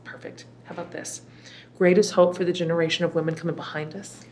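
A woman's voice: fairly low pitch, fairly even intonation, fast talker, a little mellow, slight background noise. A woman hosting a podcast interview, speaking with effusive enthusiasm and also reading an ad. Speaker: podcast host. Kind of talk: warm conversational interview and read ad.

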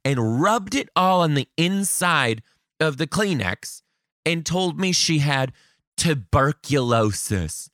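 A sarcastic man in his thirties hosts a comedy podcast and reads out listener emails. His pitch swoops all over the place as he tells his stories. His voice sounds bright, and the recording is dry and close. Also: slow, dry recording. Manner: animated, sarcastic, jumps into high mocking voices. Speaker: podcast host.

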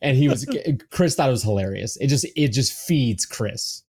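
A man's voice: mid-range voice, normal speed, a little mellow, husky. Rambling man telling a podcast story. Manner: rambling anecdote with frequent fillers. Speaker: podcast regular. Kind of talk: casual chat.

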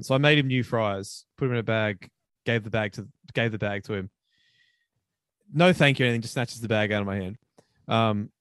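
A young Australian man spins a rowdy anecdote on a casual podcast, swearing freely and leaping into a higher register when he mimics others. His voice sits at an ordinary middle pitch. The sound is close and dry, with no room around it. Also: no room sound. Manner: animated, profane, swings up high for quoted voices. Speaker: podcast co-host. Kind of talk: casual storytelling chat.

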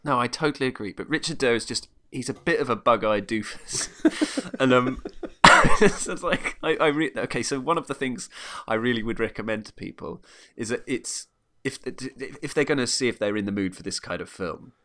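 A man's voice: mid-range voice, moderate pace, sharp tone. A man chatting casually as a podcast co-host, rambling with frequent laughs and restarts. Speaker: podcast co-host reviewing a film. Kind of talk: casual chat.

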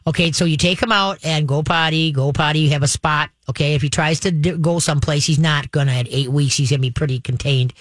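A woman giving puppy training advice on a radio show, folksy and chatty, checking in with a steady stream of "okay?". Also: low voice, fast, few pauses, no echo. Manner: folksy, checks in with frequent "okay?", chants the commands.

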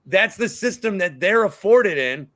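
On a sports podcast he co-hosts, this Midwestern American man in his thirties rants with profanity during casual chat. The high-pitched voice is bright and forceful, lively in intonation, at a measured pace.

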